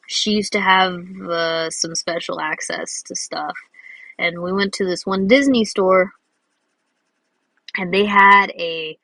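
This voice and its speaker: Bright-voiced chatty woman, rambling story. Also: mid-range voice, no room sound, low-quality recording. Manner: rambling, chatty, many fillers and restarts. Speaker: drawing video host. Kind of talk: casual storytelling while drawing.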